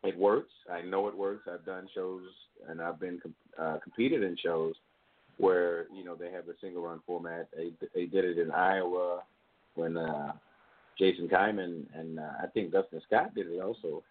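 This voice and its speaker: A man's voice: sits low, steady tone, moderate pace. A man co-hosting a podcast in casual chat, prone to teasing exclamations. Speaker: podcast co-host. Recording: tinny phone-like line.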